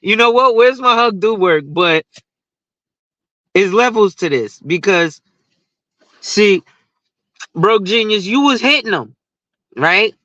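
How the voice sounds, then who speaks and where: A man's voice: sits high, lively intonation, slow, long pauses, sharp tone, no room sound, highs cut off. A man who talks insurance on social media, ranting in a casual, profane and rambling way and laughing at his own stories. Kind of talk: casual rant to camera.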